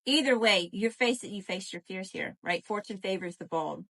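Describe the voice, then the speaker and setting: A woman doing a live tarot reading, animated and profane, calling to her viewers as y'all. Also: medium pitch, moderate pace. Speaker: tarot reader.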